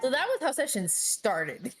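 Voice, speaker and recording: A woman tells a story with a lot of life in it, swearing freely and laughing as she goes. Her voice sits a bit higher than most. Soft music plays behind her. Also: moderate pace. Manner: animated and expressive, swears freely, laughs often. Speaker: friend recounting a tabletop game session. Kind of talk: casual storytelling on a stream.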